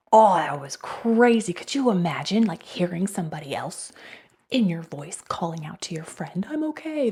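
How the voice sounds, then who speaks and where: A woman's voice: on the low side, a little mellow, breathy edge. A woman hosting a reaction video, chatting casually about a story and signing off with enthusiasm. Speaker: reaction channel host.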